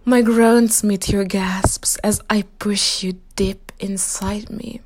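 A woman's voice: mid-range voice, steady tone, slow pace, a little mellow, slight background noise. A woman speaking a teasing, dominant whispered role-play straight to the listener, often dropping into an unvoiced whisper. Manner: teasing, dominant, intimate second-person address.

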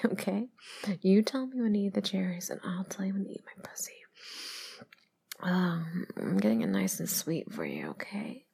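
A young adult woman in a whispered role-play, speaking in breathy whispers and low murmurs, giving commands while chewing and sighing. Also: very animated, moderate pace, warm tone. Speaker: audio role-play performer.

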